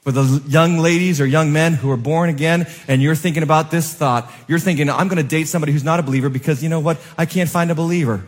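A pastor delivers a sermon in a church sanctuary, his voice a little high for a man and his intonation fairly even. He talks fast with hardly any pauses, swinging from loud, emphatic peaks to soft, low asides and repeatedly asking the congregation questions. Every line trails off in a long hall reverb.

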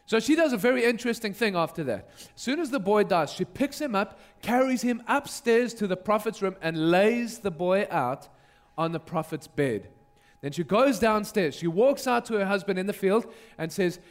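A male pastor preaches by retelling a Bible story, narrating vividly and slipping into the characters. His voice sits high for a man. The delivery is lively storytelling from the pulpit. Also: normal speed. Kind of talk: sermon storytelling.

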